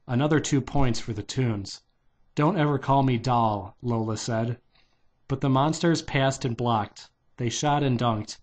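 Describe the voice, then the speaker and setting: Man, casual reading aloud, mid-pitched voice, unpolished delivery, stops and restarts lines. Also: darkish tone. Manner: loose, unpolished delivery with restarts and "take two" retakes. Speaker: reader.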